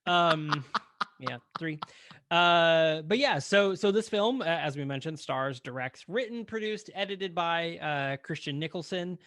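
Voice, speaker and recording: A man's voice: on the high side, measured pace, fairly bright tone, dry recording, studio quality. A man co-hosting a casual film podcast, rambling and joking with lots of fillers. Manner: rambling, jokey, many fillers. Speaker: podcast co-host.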